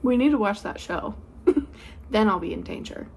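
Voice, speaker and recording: Brief: young woman, mid-pitch, rambling and giggly co-host, faint hiss behind. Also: normal speed, vocal fry, darkish tone. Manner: rambling, giggly, full of fillers. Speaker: podcast co-host. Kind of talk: casual chat.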